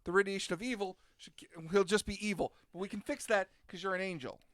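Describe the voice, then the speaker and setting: A man playing a tabletop game on a livestream, excitable and jokey. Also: high voice, quick pace, no room sound. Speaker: player.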